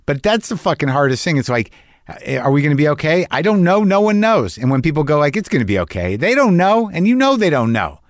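A man's voice: fairly high pitch, big pitch swings, quick pace, hardly any pauses, no echo, studio quality. A middle-aged man hosting a show, talking in a rambling comic monologue that is profane, wry and darkly joking. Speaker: podcast host.

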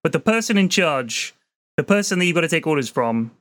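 A man's voice: on the high side, very animated, a little fast, a bit bright, no echo. A man chatting playfully and teasing his co-host in casual banter.

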